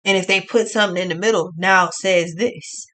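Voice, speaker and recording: A woman's voice: on the low side, fairly even intonation, normal speed, a bit bright. A woman giving a casual tarot reading, talking in a blunt, profane, ranting way. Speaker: tarot card reader.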